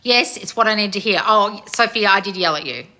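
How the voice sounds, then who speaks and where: A woman in her thirties, a channel host reading viewer comments in a loud, blunt, casual way and swearing freely. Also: mid-range voice, brisk. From family of Croatian heritage. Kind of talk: casual live chat.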